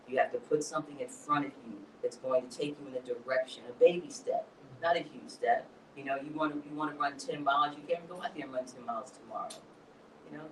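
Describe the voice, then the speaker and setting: A poet speaking as a guest in a live onstage interview, an animated storyteller who mixes motivational talk with laughter. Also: male voice, fairly high pitch, roomy sound, recorded from a distance, a little hiss or hum, low-quality recording. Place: hall at a live event.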